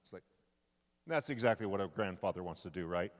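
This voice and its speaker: A male pastor preaching a sermon at a men's conference, telling the story with lively, acted-out quotes. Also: fairly low pitch, fast. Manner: animated storytelling, acting out quoted lines. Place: conference hall. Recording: live hall with long reverb.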